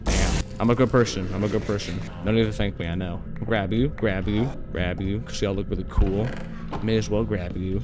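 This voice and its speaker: This gaming YouTuber, a young man, speaks on the low side with fairly even intonation while music plays behind him. Playing a horror game in casual commentary, he uses plenty of slang, talks to the monsters, and yelps and rushes in fright.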